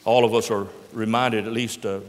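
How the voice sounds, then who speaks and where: A man's voice: lowish voice, little pitch movement, normal speed. An older man preaching a sermon, emphatic and full of rhetorical questions. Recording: echoey hall.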